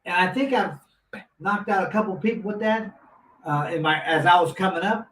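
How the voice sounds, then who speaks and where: A man's voice: sits high, brisk. A former boxer in his fifties, telling a long casual story with many restarts and asides. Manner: rambling, animated anecdote with many restarts. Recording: roomy, distant mic, faint noise.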